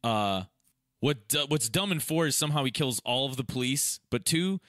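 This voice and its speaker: A man's voice: mid-range voice, lively intonation, normal speed, a bit bright, no room sound, clean studio sound. A man co-hosting a casual movie review podcast, enthusiastic and profane, chiming in with lots of agreement. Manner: enthusiastic, backchannels a lot, profane. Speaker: podcast co-host.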